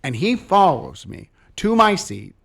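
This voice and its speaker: A man's voice: high-pitched, unhurried, gravelly. A man co-hosting a show in casual chat, telling stories expressively and acting out quotes. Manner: expressive storyteller, acts out quotes. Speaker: co-host.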